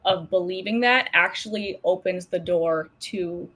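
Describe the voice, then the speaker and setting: A woman co-hosting a wellness podcast, talking in a relaxed, chatty way with plenty of affirming fillers. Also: on the low side, a little slow. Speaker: podcast co-host. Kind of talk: casual podcast conversation.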